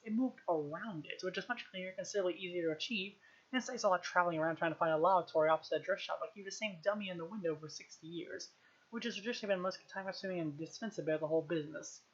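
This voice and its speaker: A woman reading a novel aloud on a live stream, at a quick pace and with frequent throat-clearing. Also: on the low side, dull audio. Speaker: reader, streamer.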